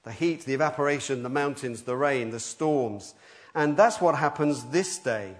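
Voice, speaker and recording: A middle-aged man preaching a sermon, animated and conversational, breaking into loud acted-out voices. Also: mid-range voice, normal speed. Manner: animated, acts out quoted voices with sudden loud outbursts.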